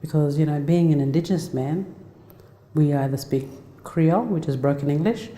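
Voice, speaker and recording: A woman in her forties speaks as a guest speaker, heartfelt and conversational, often restarting her sentences. Her voice is very dark and mellow. A long, echoey reverb from the lecture hall surrounds her. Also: deep voice, moderate pace. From Australia. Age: 40s. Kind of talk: personal storytelling talk.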